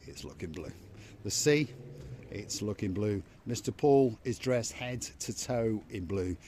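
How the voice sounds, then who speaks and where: Vlog host, male, lowish voice, playful walking-tour patter, outdoors with faint background noise. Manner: chatty, playful, teasing asides to viewers. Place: outdoors at a seaside harbour.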